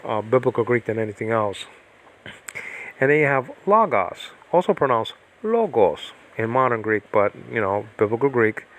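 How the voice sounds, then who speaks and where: A man teaching biblical Greek in a rambling, chatty livestream lesson from his self-built house, digressing often and filling gaps with ums and restarts. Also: medium pitch. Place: self-built cement-block house during a typhoon.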